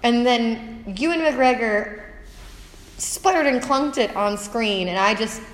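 A woman's voice: on the high side, slow. A woman, telling stories as a podcast guest with dramatic emphasis. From Staten Island, New York. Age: 40s. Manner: animated storyteller, dramatic emphasis. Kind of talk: casual chat. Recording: echoey room with long reverb and faint noise.

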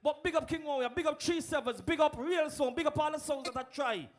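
A very high-pitched man hosting a sound clash. His talk swings between loose, laughing chat and loud calls to the crowd. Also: a little fast. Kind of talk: announcing round results. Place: live dance event.

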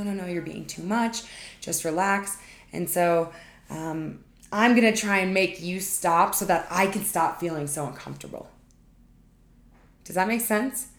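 A woman relationship coach hosting her own podcast, speaking in a chatty, informal way straight to her listeners. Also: lowish voice. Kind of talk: solo podcast monologue. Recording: echoey room.

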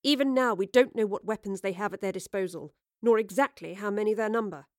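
A woman's voice: mid-range voice, brisk, no room sound, clean studio sound, close to an everyday voice. A woman voicing a dutiful, formal female officer. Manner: formal, crisp military reporting.

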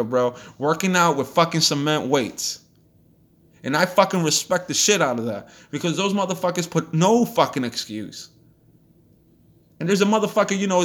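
Profane ranting man, slightly high voice. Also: a bit bright. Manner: profane, blunt, heated. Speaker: podcast host. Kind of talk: ranting motivational monologue.

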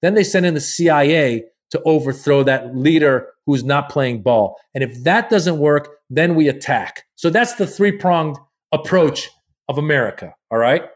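A slightly high-voiced man tells a story in a relaxed podcast conversation. He is animated and often slips into the voices of the people he quotes. His speech is loose and peppered with swearing. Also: moderate pace. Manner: profane, loose. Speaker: comedian guest.

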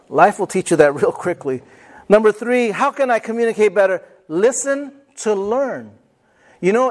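Man, pastor, high voice, emphatic sermon delivery, repeats phrases, calls for amens. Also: darkish tone.

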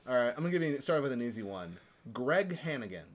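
A man's voice: medium pitch, quick pace. Easygoing man hosting a podcast quiz. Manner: relaxed, chatty, with frequent fillers and laughs. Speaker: podcast co-host running a quiz. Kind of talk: casual podcast chat.

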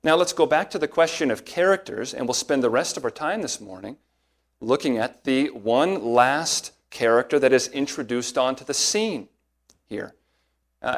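A pastor preaches an expository sermon in a mid-range voice, earnest and emphatic. He slows down and speeds up to stress key points.

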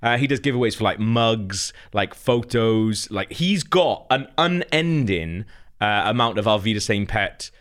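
A man's voice: lowish voice, lively intonation, measured pace, a bit bright. A young man co-hosting a casual comedy chat, rambling with lots of laughs and teasing asides. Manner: rambling, laughs often, stirs the pot. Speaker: podcast co-host.

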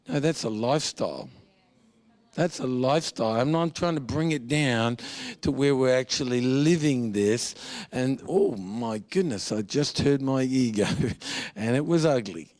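Slow, earnest male preacher. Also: medium pitch, no room sound. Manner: earnest, confessional, mixes jokes and repetition. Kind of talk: sermon.

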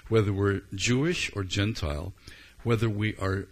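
A male pastor delivers a sermon in a low, slightly husky voice. He sounds earnest and conversational. He often stops to gather his thoughts with an "um.". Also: normal speed. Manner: earnest and conversational, with frequent ums.

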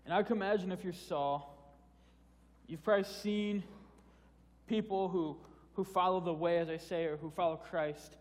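A man's voice: sits high, steady tone, moderate pace, long pauses. A man preaching a sermon in a casual, conversational way, often restarting phrases and repeating words. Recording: long hall reverb.

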